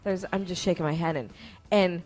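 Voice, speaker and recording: A young woman hosting a casual morning radio chat, animated and acting out quotes as she tells a story. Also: on the low side, brisk. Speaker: radio host.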